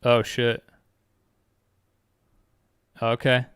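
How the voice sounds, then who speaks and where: A man hosting a podcast, chatting casually with viewers in a rambling, heavily profane and excitable way. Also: mid-range voice, clean tone, no echo, studio quality. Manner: excitable, quick exclamations. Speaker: podcast host. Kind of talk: casual live-stream chat with viewers.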